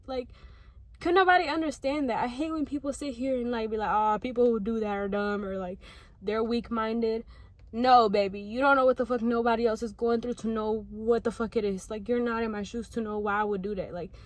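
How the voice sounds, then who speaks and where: A woman's voice: on the high side, fairly quick, dry recording. An eighteen-year-old woman giving an earnest, emotional pep talk to camera from her parked car, swearing freely as she talks. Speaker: vlogger.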